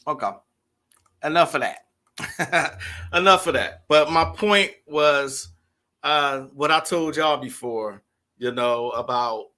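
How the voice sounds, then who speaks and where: A man with a bright, forceful voice hosts a casual livestream. He chats with his viewers and speaks to them directly in a loose, conversational way. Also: medium pitch. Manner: chatty, addresses viewers directly. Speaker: livestream host.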